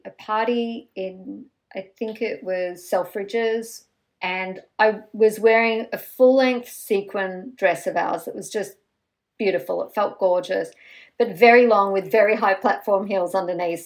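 A woman guest on a podcast, telling stories in an animated, self-mocking way. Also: mid-range voice, a little slow. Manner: lively, self-mocking storyteller.

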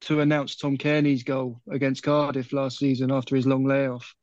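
A man's voice: mid-range voice, little pitch movement, normal speed, darkish tone, no room sound, highs cut off. A man co-hosting a podcast, asking long, friendly interview questions. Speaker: podcast co-host. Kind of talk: casual interview chat.

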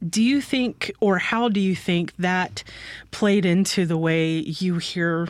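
A woman hosting a radio interview, friendly and chatty with quick asides. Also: fairly low pitch, fairly even intonation, no room sound. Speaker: radio show host.

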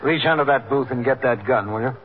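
An actor playing a stern police captain in a 1950s radio drama, questioning people in a brusque, clipped way. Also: male voice, medium pitch, a little fast, music in the background, close to an everyday voice. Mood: probing. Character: stern, commanding police captain, middle-aged man. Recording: muffled old radio broadcast with hiss.

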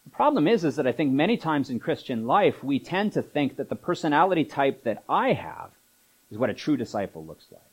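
A man's voice: medium pitch, sing-song, brisk, husky, rough recording. A man preaching a sermon as pastor, in a conversational manner full of asides and filler words. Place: church.

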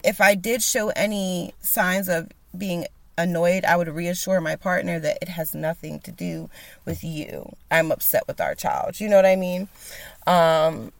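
A woman's voice: lowish voice, vocal fry, dry recording. A woman hosting a live social media talk, telling her own story with strong emotion and acting out old arguments, speaking into a phone. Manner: animated and emphatic, acting out past arguments.

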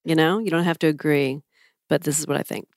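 Give me a supportive, joking woman co-host with a lowish voice. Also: fairly even intonation, quick pace, gravelly, dry recording, studio quality. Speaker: podcast co-host. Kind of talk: casual chat.

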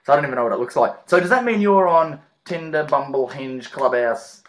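A man's voice: medium pitch, animated, brisk, slight background noise. A man from Australia, a comedian guest telling jokey, laid-back stories in casual chat.

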